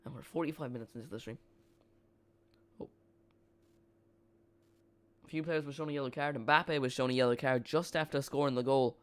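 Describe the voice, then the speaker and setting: Streamer, male, casual match chat that loops back on itself; smooth, clean voice, dry close mic. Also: medium pitch, fairly even intonation, normal speed, pauses often, a bit bright, dry recording. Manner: casual, rambling, repeats and corrects himself. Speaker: watch-along streamer. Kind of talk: live football watch-along commentary.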